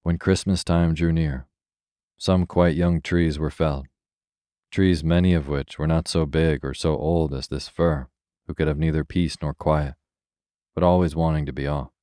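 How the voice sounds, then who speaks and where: A man narrates a fairy tale for sleep in a calm, unhurried read. His voice sits extremely low and sounds dark and mellow. The recording is dry, with no room sound. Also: clean tone, dry recording. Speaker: storyteller. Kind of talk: scripted bedtime story narration.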